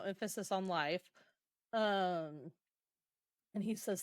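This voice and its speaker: A woman's voice: medium pitch, takes it slowly, a bit bright, no room sound, studio quality. A woman co-hosting a podcast, casually retelling a book's scenes with loose quoted lines, frequent ums and laughs. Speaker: podcast co-host. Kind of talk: casual book recap.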